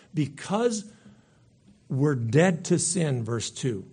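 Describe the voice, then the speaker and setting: A man's voice: a little high, darkish tone, breathy edge. A man preaching a sermon, reading scripture aloud and then stressing his points emphatically, repeating them for weight.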